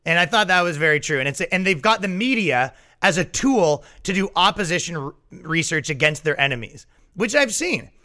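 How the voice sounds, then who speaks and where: Sarcastic bright-voiced podcast man. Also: sits high, lively intonation, normal speed. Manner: sarcastic, swears a lot, laughs often. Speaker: podcast host. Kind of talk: casual monologue.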